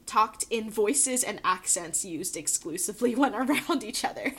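A woman co-hosting a podcast in casual chat, laughing often and filling pauses with ums. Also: medium pitch, animated, a bit bright, breathy edge. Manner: giggly, lots of ums and laughs. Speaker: podcast co-host.

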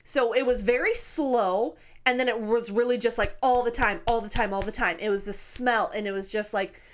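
A woman in her thirties telling a spooky personal story in casual chat, animated, swearing freely and laughing often. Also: on the high side, moderate pace, slight background noise. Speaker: podcast co-host.

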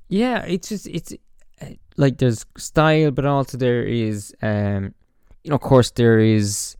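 A man's voice: mid-range voice, darkish tone, smooth, no room sound, clean studio sound. A man hosting his own podcast, talking through his thoughts in a rambling, reflective way full of fillers and restarts, into a podcast microphone. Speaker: podcast host. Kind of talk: casual reflective monologue.

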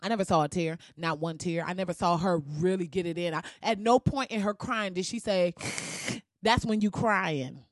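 A woman ranting in a blunt, profane and sassy way as she comments on someone else's video, with sudden jumps in pitch. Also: brisk, few pauses, no echo, clean studio sound. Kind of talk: casual reaction rant.

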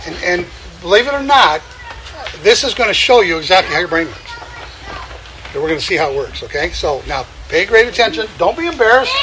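A man preaching outdoors in a folksy, chuckling way, repeating his phrases for emphasis. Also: high-pitched. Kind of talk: outdoor sermon. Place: outdoors among birds. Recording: noisy outdoor recording.

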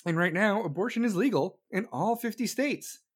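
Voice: mid-range voice, lively intonation, slightly rough. A livestream host ranting through political commentary, swearing constantly and mocking opponents in put-on voices. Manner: profane, sarcastic, mocks opponents in put-on voices; combative, talks fast in bursts. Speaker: livestream host taking callers.

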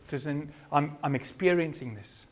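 A man pastor with a South African accent, preaching a sermon with earnest, varied loudness and closing in prayer. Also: fairly high pitch, expressive, moderate pace.

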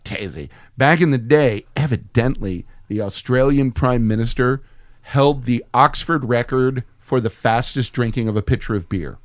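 A man's voice: medium pitch, moderate pace, dry recording, clean studio sound. A man co-hosting a casual comedic movie-review podcast, swearing freely and acting out what people said in his stories. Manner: profane, animated storyteller who acts out quotes. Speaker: podcast co-host.

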